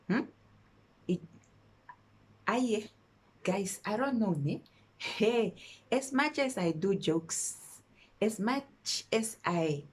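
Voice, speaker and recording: Emphatic woman with a lowish voice. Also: darkish tone, slightly rough. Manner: emphatic and indignant, repeats phrases for stress; mixes local-language words into her talk. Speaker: vlogger telling a personal story. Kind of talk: casual storytime monologue.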